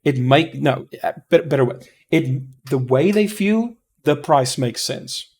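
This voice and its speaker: A man giving a rambling, profane headphone review, often stopping to correct himself and getting excitable. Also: fairly high pitch, a little slow, breathy edge. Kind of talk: casual review monologue.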